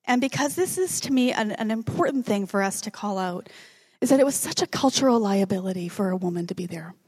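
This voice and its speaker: Joking woman preacher, hushed dramatic drops. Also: mid-range voice, lively intonation, fairly quick, breathy edge. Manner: conversational and joking, drops to a whisper for dramatic moments. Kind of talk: sermon.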